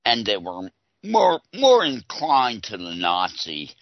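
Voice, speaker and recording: A man talking as a guest in a halting, hesitant way. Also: on the low side, wildly swooping pitch, dry recording. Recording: dull lo-fi recording.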